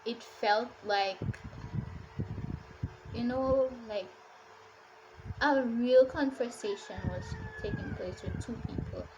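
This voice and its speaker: A woman talks slowly through her book reviews in a slightly high voice, asking exasperated rhetorical questions and dropping "like" often. The home recording carries a clear layer of background noise. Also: very animated, lo-fi sound. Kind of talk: casual book wrap-up chat.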